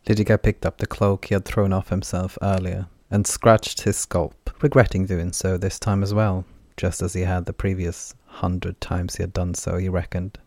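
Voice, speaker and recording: Low, gravelly male audiobook narrator. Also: level tone, moderate pace, few pauses, a little mellow, no room sound. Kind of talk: scripted fantasy audiobook narration.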